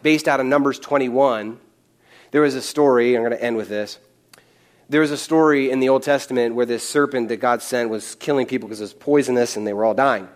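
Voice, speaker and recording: A man's voice: medium pitch, a little fast. A young man preaching a sermon, conversational, with joking asides. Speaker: pastor.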